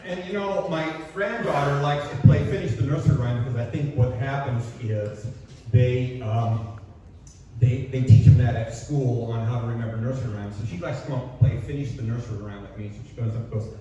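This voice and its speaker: A man's voice: mid-range voice, brisk, warm tone. An older man doing a self-deprecating stand-up comedy set, delivering punchlines on a small coffee house stage. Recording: echoey, distant, dull, noisy room recording. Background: audience laughter and room ambience.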